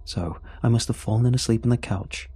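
A man narrating a first-person horror story in a measured, tense way. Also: medium pitch, mellow, breathy edge. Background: faint music.

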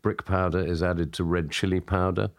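A man co-hosting a casual chat, deliberately reading out lists of odd facts in a dry manner. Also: sits low, steady tone. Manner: dry, deliberate listing of figures. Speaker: podcast co-host.

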